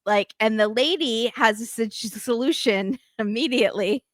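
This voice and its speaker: A woman's voice: fairly high pitch, normal speed, few pauses, no room sound. Woman host chatting about a reality show, does little voices for quotes, dry close mic. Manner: animated, acts out quotes with laughs. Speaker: podcast host. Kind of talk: casual recap chat.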